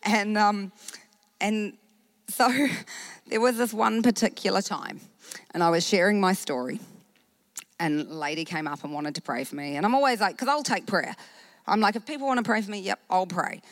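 A woman's voice: medium pitch, normal speed, long pauses, dry recording. New Zealand woman pastor telling her story. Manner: animated storytelling with acted-out quotes. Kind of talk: personal story sermon.

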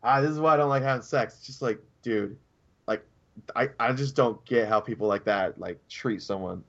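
Casual podcast co-host, male, mid-pitched, rambling storyteller, dull lo-fi sound. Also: moderate pace. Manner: rambling storytelling, acts out quotes in raised voices. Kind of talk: casual chat.

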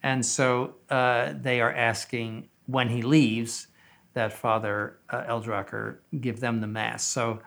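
An older man in a casual interview, wandering through his thoughts with frequent "uh"s and restarts. His pitch is ordinary for a man. He speaks as a seminary head. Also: level tone, slow, creaky, a bit bright. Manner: rambling, with many fillers and restarts.

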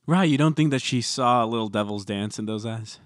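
A man's voice: on the low side, a little fast, no room sound, studio quality. A man co-hosting a casual podcast chat about reality TV, making wry, cynical remarks. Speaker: podcast co-host.

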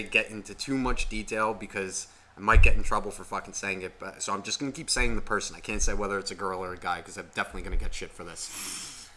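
A man's voice: fairly low pitch, bright, forceful tone. A man co-hosting a podcast, telling a rambling, profanity-laced story in casual chat. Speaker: podcast co-host.

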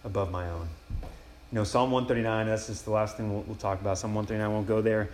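A man's voice: fairly low pitch, steady tone, quick pace, a little mellow, slight background noise. A young man giving a casual, enthusiastic retreat sermon, acting out inner prayers as he goes. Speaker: campus ministry speaker. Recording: echoey room with faint ambience.

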